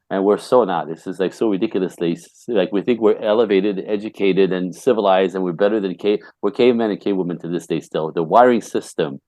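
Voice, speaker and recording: A relationship coach with a low, dark-toned voice, recorded with no room sound, appears as a guest on a podcast. In casual interview talk he speaks bluntly and emphatically, laughing often.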